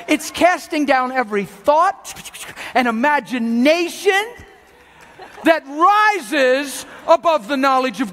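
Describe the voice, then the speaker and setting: A man preaching an animated sermon to a crowd, acting out voices along the way. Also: very high voice, in a large hall, slight background noise. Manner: animated, exhorting, acts out voices. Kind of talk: lively sermon with acted skits.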